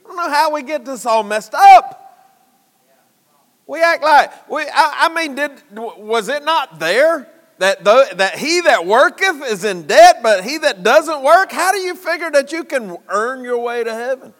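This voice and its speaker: A man preaching a sermon in a church, folksy, at times shouting and at times dropping low. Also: lively intonation, unhurried, big-room sound.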